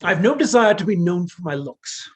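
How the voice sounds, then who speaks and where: A woman's voice: on the low side, animated, normal speed, crowd noise, natural voice. A woman playing a stern, idealistic young male student who lectures bluntly. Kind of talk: stage play acting.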